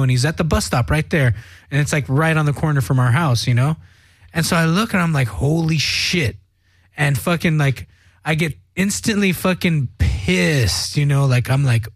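A man's voice: a little high, animated, fairly quick, no room sound. A young man co-hosting a casual podcast, telling a story in a rambling, heavily profane way. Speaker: podcast co-host. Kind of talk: casual chat.

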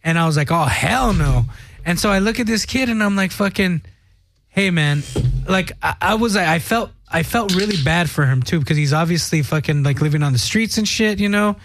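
A young man co-hosts a casual podcast, rambling through a story and swearing heavily. His voice sits high, and he talks quickly with few pauses.

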